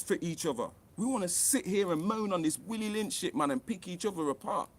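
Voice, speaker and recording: A man's voice: sits high, husky. A man, an author and online commentator, delivers an impassioned rant to camera that is blunt, profane and heated, often jumping up in emphasis.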